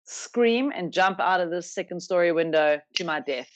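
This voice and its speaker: A woman's voice: fairly low pitch, lively intonation, normal speed. Emphatic South African comedian woman. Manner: emphatic, stammering repeats, comic exaggeration. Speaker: comedian guest. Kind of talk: casual interview chat.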